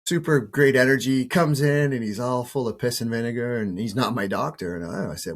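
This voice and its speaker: A man's voice: mid-range voice, a little fast, few pauses. A man in his fifties, a show host who is sick with a cold, telling a personal story in a casual, rambling way with restarts and the odd swear word.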